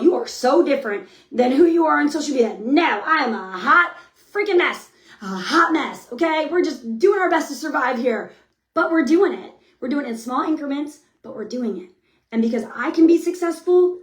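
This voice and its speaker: A woman's voice: sits high, reverberant. A woman in her thirties giving a frank, upbeat motivational talk to a sales team, often checking in with "okay?". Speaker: motivational speaker.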